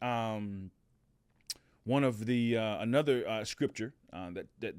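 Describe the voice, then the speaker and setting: With no room sound, a middle-aged man's mid-range voice carries his motivational podcast. He tells a story casually, full of fillers and restarts.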